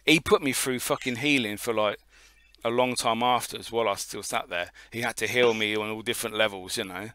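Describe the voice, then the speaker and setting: A man's voice: fairly low pitch, fairly even intonation, a little fast, sharp tone, no room sound. A man co-hosting a casual podcast, telling a long story in a rambling way and swearing often. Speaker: podcast co-host.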